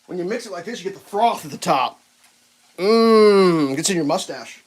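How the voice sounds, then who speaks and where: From the central United States, a livestream cooking host makes breakfast in his home kitchen, chatting casually to viewers, rambling, and talking to his dog. His voice is high-pitched and expressive, at a moderate pace.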